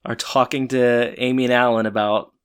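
A man's voice: mid-range voice, moderate pace, clear, resonant tone. A man co-hosting a podcast, casually recapping an episode in a meandering way with hesitations. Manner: relaxed, meandering retelling with hesitations. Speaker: podcast co-host.

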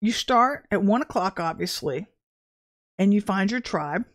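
A woman giving an informal prophetic message to her viewers, talking in an animated, emphatic way with sudden exclamations. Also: medium pitch, a little slow. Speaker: self-described prophetess.

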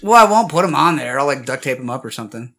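Goofy, giggly man with a bright voice. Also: medium pitch, lively intonation, fast talker. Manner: goofy, laughs often, makes silly puns. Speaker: podcast co-host. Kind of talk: casual banter.

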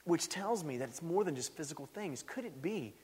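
A man preaching a sermon in a church sanctuary, telling stories in an animated way and rising loud when stirred. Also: fairly high pitch, a little fast, slightly rough. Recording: echoey hall.

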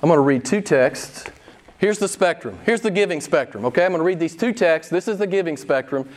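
High-voiced emphatic male pastor. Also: animated, brisk. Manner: emphatic, repeats key phrases. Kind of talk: sermon.

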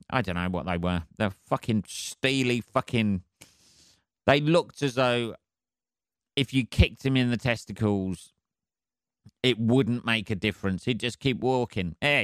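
A man's voice: medium pitch, unhurried, no echo, clean studio sound. A man hosting a solo podcast, rambling casually with heavy swearing and laughing at his own jokes. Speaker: podcast host.

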